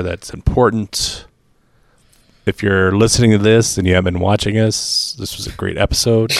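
Man, podcast co-host, gravelly, lowish voice, wry, casual chat. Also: dry recording. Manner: laid-back, wry, reads the show plugs.

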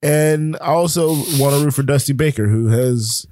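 Mellow-voiced man rambling through sports rankings. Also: mid-range voice, moderate pace, slight background noise. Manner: rambling, filler-heavy rundown of rankings. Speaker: sports podcast co-host. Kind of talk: casual sports talk.

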